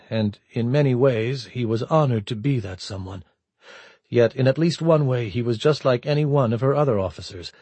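A man reading an audiobook narration in a steady, measured way. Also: medium pitch, slightly rough, no echo. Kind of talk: scripted narration.

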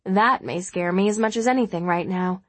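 A woman voicing an anxious, self-doubting woman flight attendant in a storybook reading, worried and halting. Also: mid-range voice, no echo, close to an everyday voice.

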